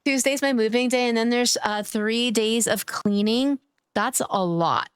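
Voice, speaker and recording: Woman, live streamer, casual chat, warm thanks, giggly, slightly high voice, dry sound. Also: unhurried, clear, resonant tone, no room sound. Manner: gushing, affectionate, thanks viewers by name; playful, giggly.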